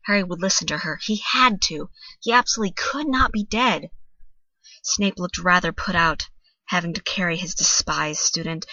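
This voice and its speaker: A woman's voice: fairly low pitch, bright, forceful tone, no echo. A young woman reading a fanfiction story aloud, dramatic and building with the tension. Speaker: fanfiction reader. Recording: dull lo-fi home recording.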